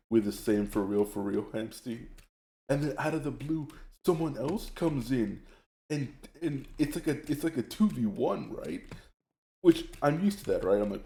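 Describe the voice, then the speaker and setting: A young man streaming a game, telling stories in a rambling, animated way and laughing often. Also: medium pitch, normal speed, creaky, echoey room. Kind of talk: casual chat while gaming.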